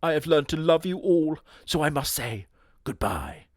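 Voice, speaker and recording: A man puts on a hammy, grandiose voice for a smug male shapeshifter villain from a cartoon, pitched above his own voice and lightly acted. The delivery is animated and higher-sounding at normal speed, recorded dry with clean studio sound.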